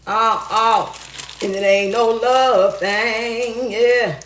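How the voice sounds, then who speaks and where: High-voiced blunt woman in an echoey room. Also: slow pace, a little hiss or hum. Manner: blunt, profane, laughing, animated storytelling. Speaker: advice show host. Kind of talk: casual chat reading viewer comments. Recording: roomy echo.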